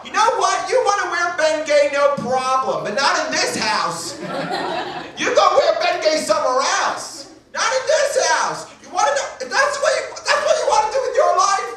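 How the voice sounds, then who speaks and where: A male comedian voicing his miserable, screaming mother, scolding in a shrill voice, heard from far off in an echoey club with an audience. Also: big pitch swings, normal speed, crowd noise. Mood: furious. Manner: shrieking, scolding, exasperated.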